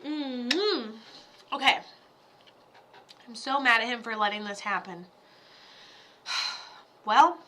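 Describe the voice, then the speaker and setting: Bright, high-voiced woman medium. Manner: blunt, profane, pep-talk delivery. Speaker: psychic medium. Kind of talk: live-stream mediumship reading.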